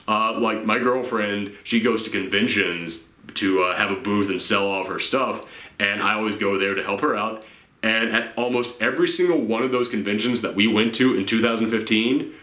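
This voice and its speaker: A young man talks straight to camera, unscripted and a little rambling, tired from the late hour but earnest. His voice sits at a middle pitch with a bright, forward edge. The room around him is noticeably echoey. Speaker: YouTube channel host. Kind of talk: casual vlog to viewers.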